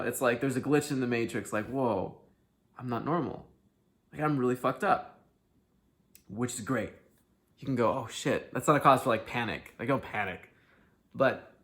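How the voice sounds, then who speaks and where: Man, self-help host, candid monologue, swings from quiet to loud, swears freely. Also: medium pitch.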